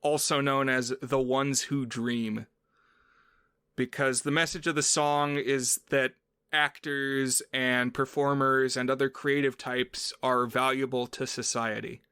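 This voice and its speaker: A man co-hosting a film podcast in a loose, chatty way, drifting into playful asides as he explains. His voice is bright and crisp, with a dry, close sound and no room around it. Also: mid-range voice, level tone, slow pace, no room sound. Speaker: podcast co-host. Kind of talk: casual film podcast chat.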